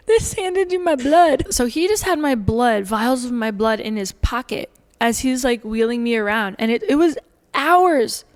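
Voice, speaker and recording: A woman's voice: a little high, normal speed, long reverb tail. A woman vlogger telling a personal story in a chatty, joking way, full of "like"s. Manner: animated, jokey, chatty with many "like"s. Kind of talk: casual storytelling.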